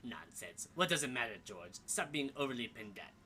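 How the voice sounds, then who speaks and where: A man's voice: mid-range voice, sing-song, fairly quick, pushed and bright, faint music behind. A man voicing a haughty upper-class mother who scolds at the dinner table. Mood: imperious. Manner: imperious, scornful.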